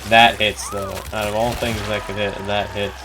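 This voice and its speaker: A man's voice: on the low side, level tone, moderate pace, background noise. A young man commenting on his own gameplay as a streamer, reacting with disbelief and frustration. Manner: reactive, incredulous, frustrated outbursts. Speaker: gaming streamer.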